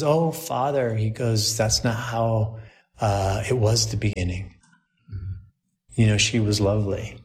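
A man, a priest, telling a story to a group in a chatty, anecdotal way and laughing at his own jokes. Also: medium pitch.

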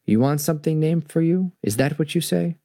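A man's voice: fairly high pitch, fairly quick, mellow, no echo, clean studio sound, pitched above the performer's own voice, natural voice. A man voicing a big, proud male tiger who schemes a trick, with a Jamaican accent, in a storybook read-aloud.

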